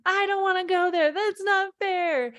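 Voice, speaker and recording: A woman voicing a whiny, demanding young child who complains in a high, pleading voice. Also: steady tone, measured pace, fairly bright tone, dry recording, studio quality. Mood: whining.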